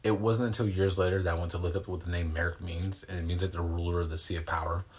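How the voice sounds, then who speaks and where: A man with a low voice talks to his viewers in a loose, wandering way, full of slang and the odd curse word. He answers chat questions and talks them through breathing exercises, recorded on a phone. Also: fairly even intonation, fast talker. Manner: rambling, loose and slangy, with mild swearing. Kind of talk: casual livestream chat and guided breathing instruction.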